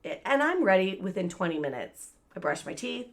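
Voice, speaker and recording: A woman's voice: mid-range voice, moderate pace, gravelly. A woman co-hosting a podcast, telling a long story in casual chat, swearing a lot and acting out the voices of the people in it. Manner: profane, animated, acts out quoted voices. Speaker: podcast co-host.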